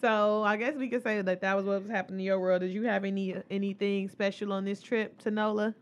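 A woman hosting a casual podcast, teasing her co-host with a steady stream of profanity and frequent laughter. Her voice sits at an ordinary middle pitch for a woman, and she talks in a loose, conversational way. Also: fast talker. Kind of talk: casual chat.

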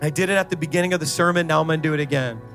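A man's voice: fairly high pitch, rapid-fire, fairly bright tone, faint music behind. A middle-aged male pastor preaching a sermon, rising into fervent, sing-song prayer and exhorting the congregation with repeated calls.

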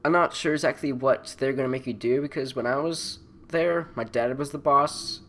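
A young man in casual conversation with an ordinary, mid-height pitch. He rambles through work stories with loose fillers and restarts, often breaking into laughter. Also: normal speed, fairly bright tone. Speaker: storyteller. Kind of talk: casual chat.

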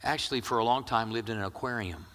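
A middle-aged male pastor preaching with jokes, swinging between loud emphasis and hushed near-whispers. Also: medium pitch, fast, in a large hall. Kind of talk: sermon.

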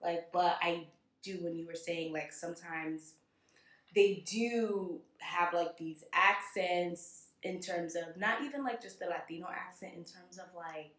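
A woman hosting a casual podcast conversation, talking in an animated way and acting out quoted exchanges. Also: on the low side, a little slow, roomy sound. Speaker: podcast host.

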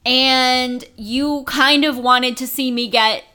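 A woman's voice: high-pitched, fairly even intonation, sharp tone, clear, resonant tone. A woman co-hosting a podcast in casual chat, emphatic and sassy with lots of filler likes. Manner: emphatic, sassy, talks fast with many likes. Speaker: podcast co-host.

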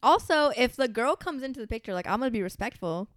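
A woman's voice: a little high, expressive, quick pace, no echo, clean studio sound. A young woman co-hosting a podcast, chatting casually and filling her speech with "like". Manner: chatty, lots of "like" fillers. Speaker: podcast co-host. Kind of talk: casual chat.

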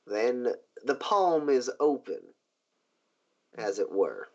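A man voicing a smooth, scheming riverboat boss who drawls his offers slowly with hesitant pauses. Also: mid-range voice, very animated, full character voice. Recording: dull lo-fi recording.

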